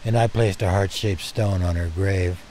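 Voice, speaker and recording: Gentle older man telling stories. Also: sits low, fairly even intonation, normal speed, slight background noise. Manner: gentle and heartfelt, speaks to listeners as dear friends. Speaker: storyteller. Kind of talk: personal storytelling.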